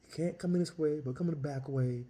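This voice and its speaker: A man's voice: a little high, fast talker, dark tone, voice pushed up, close to an everyday voice. A man voicing an older male event organizer who scolds urgently and repeats himself. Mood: urgent, scolding.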